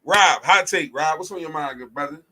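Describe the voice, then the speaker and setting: A man with a Philadelphia accent hosting a casual podcast chat, animated and joking, cursing freely. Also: fairly high pitch, moderate pace, rough recording. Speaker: podcast host.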